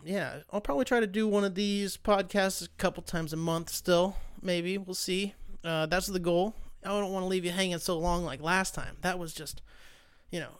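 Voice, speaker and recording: Smooth-voiced young man ranting casually. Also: high-pitched. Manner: loose, profane, sarcastic ranting. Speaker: podcast host. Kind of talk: casual solo podcast chat.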